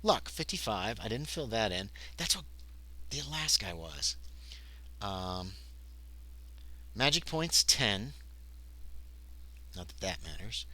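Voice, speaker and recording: He plays a tabletop game on his own live stream, narrating the game text and then chatting casually with himself and chat. The voice is fairly low and sing-song, slow with frequent pauses, and sharp in tone.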